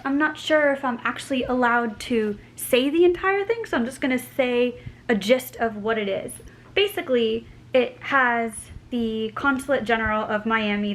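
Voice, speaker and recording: An American woman talks straight to her viewers in a loose, rambling vlog style, stringing thoughts together with plenty of "like"s. Her voice sits a little on the high side. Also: a bit bright, rough recording. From United States. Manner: rambling, chatty, full of filler likes. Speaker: vlogger. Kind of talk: casual chat to camera.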